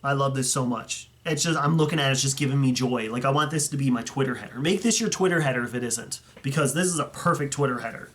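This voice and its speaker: A man's voice: medium pitch, fast talker, few pauses. A young man chatting casually and enthusiastically as he reviews viewer photos, rambling and correcting himself as he goes. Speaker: YouTuber reviewing fan collections.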